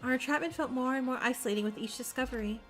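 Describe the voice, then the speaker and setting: A woman's voice: high-pitched, racing, a bit bright, faint music behind. A woman streamer reading a visual novel's narration aloud on a live stream, with small slips and self-corrections.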